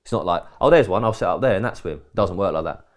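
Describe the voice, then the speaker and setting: A very deep-voiced English man, expressive and quick, co-hosts a podcast. He tells a loose, casual story, acting out quoted dialogue and swearing every so often.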